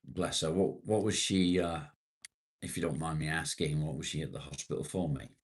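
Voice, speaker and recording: A man with a British accent, hosting a casual live stream and chatting with viewers. He reads their comments aloud, relaxed and conversational, with casual swearing. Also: very deep voice, normal speed.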